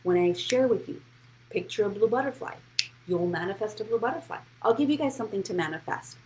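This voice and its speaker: A woman's voice: mid-range voice, animated, a little fast, darkish tone, a little hiss or hum, poor audio. A woman hosting a live-streamed motivational money talk, speaking bluntly and encouragingly and answering viewers' comments by name. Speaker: financial coach and show host.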